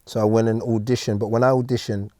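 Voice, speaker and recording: A man's voice: mid-range voice, fast, no room sound, studio quality. A middle-aged man with a London accent, telling stories casually as a guest in an interview, full of slang. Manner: relaxed storytelling with slang and laughs. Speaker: guest actor.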